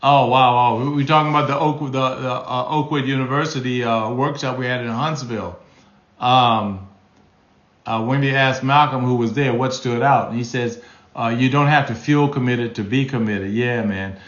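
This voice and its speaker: A man's voice: medium pitch, fairly even intonation, normal speed, a bit bright, roomy sound, muffled recording. A man in his sixties, a marriage counselor answering live questions in a folksy, emphatic way. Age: 60s. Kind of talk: live stream Q&A.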